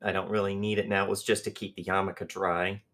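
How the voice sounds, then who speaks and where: A man's voice: low voice, level tone, brisk, fairly bright tone. A man playing a tabletop game, talking in a laid-back, brief way. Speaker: player.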